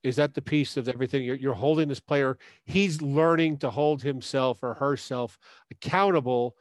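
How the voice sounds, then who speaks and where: A man's voice: mid-range voice, steady tone, moderate pace, no room sound, studio quality. A man interviewing a guest, asking long, probing questions. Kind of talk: casual interview talk.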